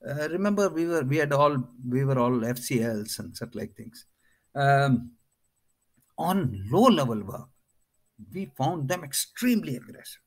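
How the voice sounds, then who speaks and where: Unhurried and mid-range, the voice belongs to an older man with an Indian accent who served in the air force and has since retired. He's a guest in an interview, recounting anecdotes animatedly and performing what others said.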